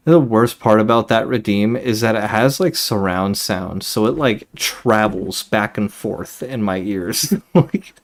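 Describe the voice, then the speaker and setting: A man streaming a video game live, chatting with viewers between bursts of excitement. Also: fairly low pitch, unhurried, few pauses. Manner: excitable, thanks viewers, reads game dialogue aloud. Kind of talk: live gameplay commentary.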